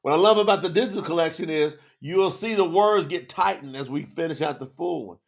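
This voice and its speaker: A man teaching scripture live, his voice a touch high and rough with gravel. He is teary and sweating yet keeps rallying his viewers, swinging between hushed prayer and loud calls to the chat. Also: brisk. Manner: emotional, preachy, talks to chat. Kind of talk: live-streamed Bible teaching.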